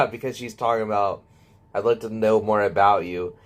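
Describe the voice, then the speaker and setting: A man's voice: fairly low pitch, normal speed. A man casually telling a prank story, reading out chat messages and chuckling at his own jokes. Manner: switches between narrating and reading quoted texts. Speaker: comedy YouTuber.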